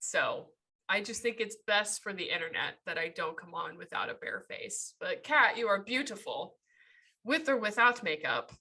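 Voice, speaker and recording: A woman co-hosting a podcast in casual chat, animated and joking, laughing often. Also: mid-range voice, normal speed, vocal fry, slightly rough, rough recording. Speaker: podcast co-host.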